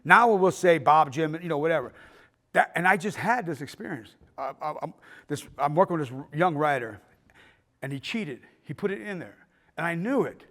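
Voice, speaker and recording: A man's voice: a little high, animated, normal speed, a bit bright. A middle-aged man giving a filmmaking workshop talk, telling stories with acted-out quotes and the odd swear. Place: arts center auditorium.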